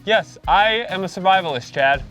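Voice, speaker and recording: Dry teasing guy, travel vlog cohost, slightly high voice, faint music behind. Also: animated, moderate pace, a bit bright. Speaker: travel show co-host. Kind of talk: casual banter and sign-off.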